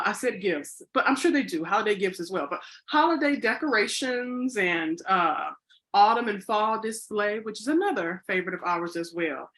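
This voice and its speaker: A woman's voice: medium pitch, a bit bright. A woman co-hosting a podcast in casual chat. She rambles playfully and corrects herself, with lots of "you know" fillers. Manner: playful and chatty. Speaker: podcast co-host.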